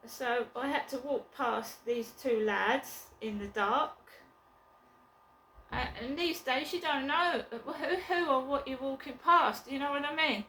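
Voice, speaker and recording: A woman vlogging from her flat, chatting casually and bluntly in a rambling way, with occasional swearing. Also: high voice, roomy sound, slight background noise, low-quality recording. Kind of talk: casual chat to camera.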